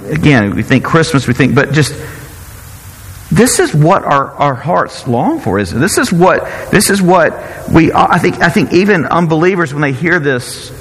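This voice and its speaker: A man preaching a sermon in an earnest, halting way, often repeating words as he searches for the next one. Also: medium pitch, a bit bright, big-room sound, rough recording.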